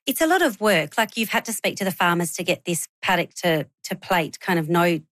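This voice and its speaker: A woman's voice: lowish voice, animated, brisk, a bit bright, no room sound. A woman host in conversation, asking a guest questions. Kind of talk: interview conversation.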